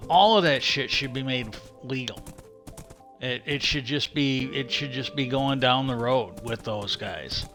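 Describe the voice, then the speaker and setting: A man hosting a livestream, talking in a casual, halting way, often restarting his sentences and swearing offhand. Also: mid-range voice, pushed and bright. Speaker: livestream host. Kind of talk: casual rambling commentary.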